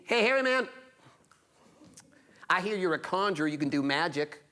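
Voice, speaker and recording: A man's voice: high-pitched, lively intonation, moderate pace, pushed and bright, a little hiss or hum. A male storyteller voicing a cheeky, playful trickster boy in a folktale.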